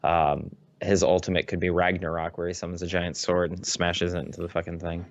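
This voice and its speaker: A man co-hosting a podcast in casual chat, swearing a lot and getting excitable as he tells stories. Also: deep voice, a little fast, lo-fi sound. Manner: profane, excitable storyteller. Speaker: podcast co-host.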